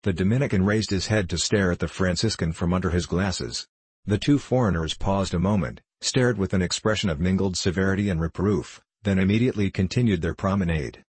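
A man narrating an audiobook in a measured, even reading. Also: low voice, breathy edge, dry recording. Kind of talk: scripted narration.

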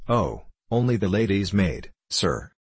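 A man's voice: sits low, sing-song, measured pace, a little mellow, breathy edge, dry recording, exaggerated voice. A man voicing a portly, nervous Irish woman cook who rambles and pleads, with an Irish accent, in a storybook reading. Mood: flustered.

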